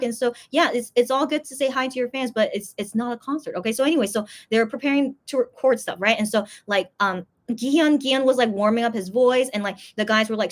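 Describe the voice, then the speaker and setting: A woman vlogger telling a story in casual chat, rambling with lots of fillers and squealing high when she quotes others. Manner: rambling, heavy use of "like" and "okay?", acts out others in high squeals.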